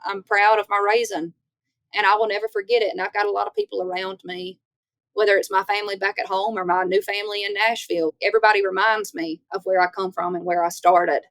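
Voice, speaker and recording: Young Louisiana woman with a Southern drawl, a chatty guest voice, mid pitch. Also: fast talker, no room sound. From Northeast Louisiana. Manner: lively, chatty storyteller. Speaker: guest, country singer. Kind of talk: casual interview chat.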